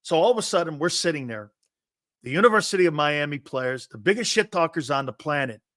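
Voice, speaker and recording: Here a sports talk show host in his fifties delivers a casual storytelling monologue, rambling off topic, restarting, and dropping the odd swear word. His fairly high voice moves quickly with lively intonation and a fairly bright tone, in studio quality with no echo.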